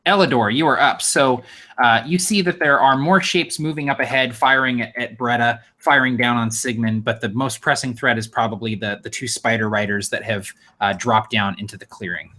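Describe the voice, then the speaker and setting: A male game master narrating a fantasy combat and calling on players. His voice is bright and forceful, and his delivery is upbeat with quick asides. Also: mid-range voice, fairly even intonation.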